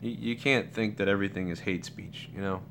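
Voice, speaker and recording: A man's voice: deep voice, fairly even intonation, brisk, creaky, a bit bright, a little hiss or hum. A man hosting a live Q&A stream, talking casually in a rambling, profane way with many restarts and fillers. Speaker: livestream host.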